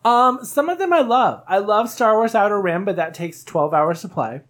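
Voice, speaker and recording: A woman hosts a relaxed podcast among friends. She talks in a rambling, animated way and laughs often between her stories. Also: medium pitch, moderate pace, a little hiss or hum. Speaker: podcast host. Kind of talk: casual chat with friends.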